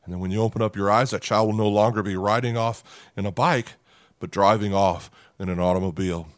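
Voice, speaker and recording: A middle-aged pastor preaching a sermon to parents, earnest and dramatic, slowing down and pausing for emphasis. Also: male voice, on the low side, fairly even intonation, dry recording, studio quality.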